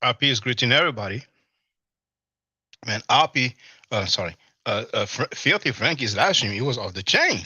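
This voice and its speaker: A man's voice: mid-range voice, expressive, moderate pace, long pauses, pushed and bright, breathy edge, no echo. A man hosting a live stream, chatting loosely with viewers and eating as he talks, with lots of "you know". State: talking while eating. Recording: slightly dull lo-fi stream audio.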